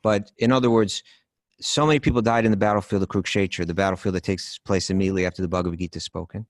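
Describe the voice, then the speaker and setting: A man co-hosting a spiritual podcast, explaining scripture calmly and supporting his partner. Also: deep voice, very fast, no room sound. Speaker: podcast co-host. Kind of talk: casual spiritual podcast chat.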